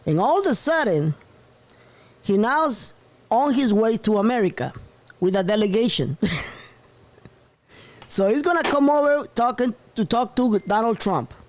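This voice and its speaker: A man's voice: very high-pitched, very animated, measured pace, long pauses. Laughing, rambling male news host. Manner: rambling, often breaks into laughter. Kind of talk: casual news commentary.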